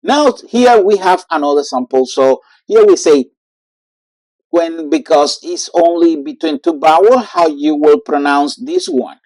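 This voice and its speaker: Slow, halting teacher. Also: medium pitch, expressive, a little mellow, dry recording. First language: Spanish. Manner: halting, with many fillers, repeats words slowly for drilling. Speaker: Spanish teacher. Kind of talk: online language lesson.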